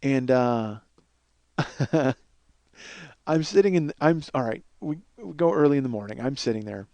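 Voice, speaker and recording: A man hosting a comedy podcast, telling a rambling story in an animated way, swearing and laughing often. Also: medium pitch, measured pace, no echo. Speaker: podcast host.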